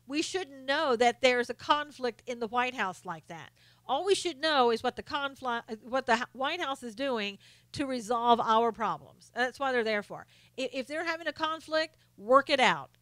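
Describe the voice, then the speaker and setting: A woman hosts a political commentary live stream and gives blunt, scolding opinions point by point. Her voice is higher than most, bright and forceful, with a smooth, crisp clarity. The recording is dry, with no room sound. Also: lively intonation, normal speed, no echo. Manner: blunt and opinionated, answers viewer comments by name; scolding, lists points one by one.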